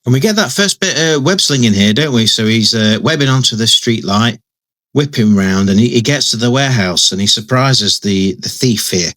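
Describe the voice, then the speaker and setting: A man's voice: mid-range voice, lively intonation, moderate pace, a bit bright. A man giving casual, chatty commentary while reviewing a comic book, often adding tag questions and restarting sentences.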